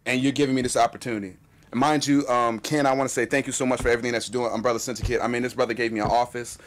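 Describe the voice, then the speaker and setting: A man telling a personal story in casual chat, animated and acting out what people said. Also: medium pitch, slight background noise. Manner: animated, fast-talking storyteller acting out quotes.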